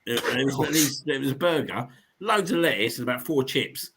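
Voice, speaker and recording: A man's voice: mid-range voice, lively intonation, fairly quick, background noise. A man hosting a casual live fan show, telling pub stories with blokey slang and frequent laughs. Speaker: host. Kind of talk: casual banter.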